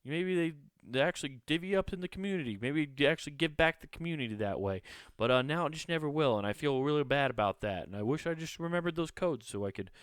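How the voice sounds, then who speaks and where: Man hosting a solo comedy podcast, cursing and rambling, smooth voice, dry close sound. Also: on the high side, animated, fast talker, no echo. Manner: profane, rambling, incredulous. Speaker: podcast host.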